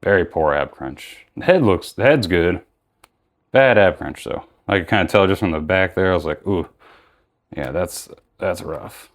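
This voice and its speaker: Deep-voiced young man reviewing toys. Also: animated, moderate pace. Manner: rambling, self-correcting. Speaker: action figure reviewer. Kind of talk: casual unboxing commentary.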